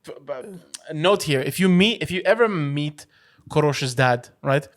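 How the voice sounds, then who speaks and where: A man's voice: fairly high pitch, lively intonation, moderate pace, a bit bright. A man co-hosting a podcast in casual chat, teasing his friend and rambling with plenty of restarts. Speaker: podcast co-host.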